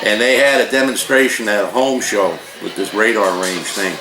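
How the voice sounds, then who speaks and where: An older man with a low voice chats through a frozen-food review in a homey, digressive way, stopping for jokes and memories. He sounds roomy and echoey, with faint noise underneath, like a kitchen recording. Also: moderate pace. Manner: folksy, digressive, joking storyteller. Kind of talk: casual rambling review.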